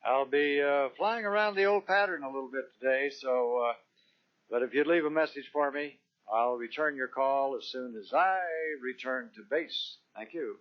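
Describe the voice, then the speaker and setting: A man's voice: mid-range voice, moderate pace. A man recording a plain, polite, slightly hesitant answering machine greeting. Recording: dull lo-fi answering machine tape.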